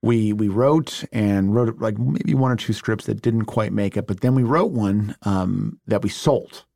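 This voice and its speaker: A man in his thirties, a guest actor and writer, telling animated stories in a casual interview. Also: on the low side, creaky, dry recording, clean studio sound. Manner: animated, quick to act out quotes.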